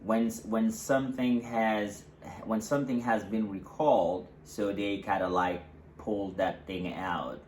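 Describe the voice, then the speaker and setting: A man with a very deep voice explains English pronunciation in a relaxed, casual way, stopping often for fillers and examples. The room sounds echoey, with faint noise underneath. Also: a little slow. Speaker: English teacher, co-host. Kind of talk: casual teaching.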